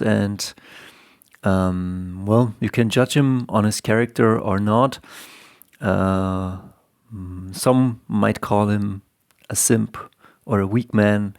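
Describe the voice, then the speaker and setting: Slow, gravelly man, flat delivery. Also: lowish voice, dry recording, studio quality. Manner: halting, full of ums and restarts. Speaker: comics teacher and host. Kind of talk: casual retelling of a comic story.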